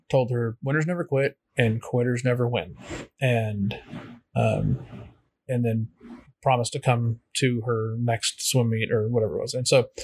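A man with an ordinary mid-pitched voice tells a motivational story, halting frequently, restarting, and filling the gaps. His voice sounds close and dry, with no room sound or echo.

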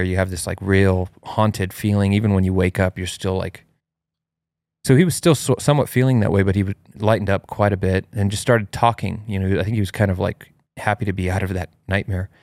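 Low-voiced man telling a story, animated. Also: a little fast, dry recording, studio quality. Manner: animated, acts out his child's cries in a high voice. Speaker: host. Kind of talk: casual storytelling chat.

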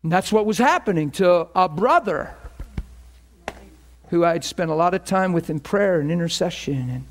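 A middle-aged man preaching, telling a story and acting out both sides of phone calls. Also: moderate pace. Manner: animated, acts out phone calls with rising pitch. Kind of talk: storytelling sermon.

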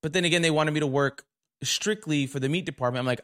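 Talking fast in a fairly high, somewhat bright voice, a young man hosts a podcast recorded on a camera mic. He tells stories as a casual, indignant rant full of profanity.

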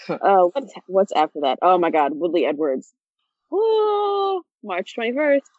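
Laid-back young woman co-host, low voice. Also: very animated, a little slow, pauses often, no echo. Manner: laid-back, joking, swears casually. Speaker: podcast co-host. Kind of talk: casual chat. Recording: dull lo-fi dry sound.

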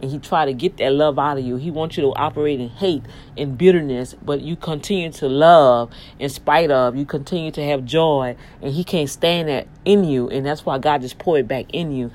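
A woman's voice: sits low, normal speed, darkish tone. A woman hosting her online radio show, thanking listeners in an effusive, preachy manner full of praise-God exclamations. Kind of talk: casual talk with listener shout-outs.

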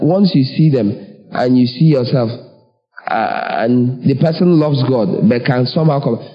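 A man's voice: mid-range voice, muffled recording. A man preaching a sermon emphatically, asking the congregation rhetorical questions. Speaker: pastor.

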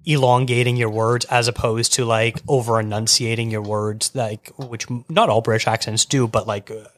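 A man's voice: medium pitch, little pitch movement, moderate pace, no echo. A man hosting a podcast who thinks aloud with many restarts and laughs easily. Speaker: podcast host. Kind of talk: casual podcast discussion.

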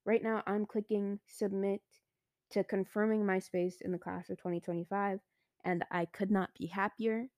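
A teenage girl hosting her own podcast, talking casually and excitedly with lots of "like" and "I was like", recorded close and dry. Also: mid-range voice, normal speed, dry recording. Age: teens. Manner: chatty and excitable, heavy use of "like" and "I was like". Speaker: podcast host. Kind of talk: casual solo podcast monologue.

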